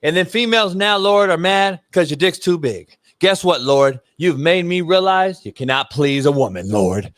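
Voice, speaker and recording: High bright-voiced man ranting loudly. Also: expressive, normal speed, few pauses, no room sound. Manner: profane, repeats "homie" and "Lord", builds to shouting rants. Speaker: co-host. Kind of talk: comedic mock prayer and rant.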